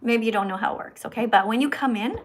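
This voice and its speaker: A woman hosting a live stream, talking to callers like a teacher who lectures and corrects them. Her voice sits a little high. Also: fast talker, heavy background noise. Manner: schoolteacher-like, scolding and instructing; says her own voice is annoying. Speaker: livestream host.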